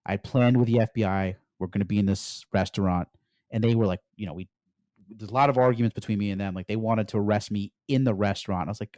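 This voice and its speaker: A middle-aged man from the United States, a podcast guest recounting his story in an animated way and often saying "like". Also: on the low side, fast, dry recording, clean studio sound. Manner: animated storyteller, peppers speech with "like". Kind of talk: storytelling interview.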